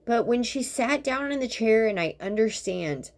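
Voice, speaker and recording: A woman's voice: fairly high pitch, expressive, normal speed, darkish tone. A woman in her fifties who works in dentistry, venting in a blunt, profane, sarcastic monologue that rambles with exasperation. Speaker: dental practitioner.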